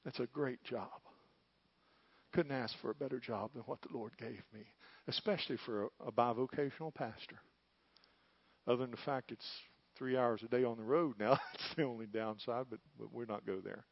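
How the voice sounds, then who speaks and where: Fervent pastor preaching, lo-fi. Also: male voice, medium pitch, moderate pace, creaky, slightly rough, dry recording. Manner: fervent preaching, swinging from loud cries to hushed tones. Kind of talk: sermon.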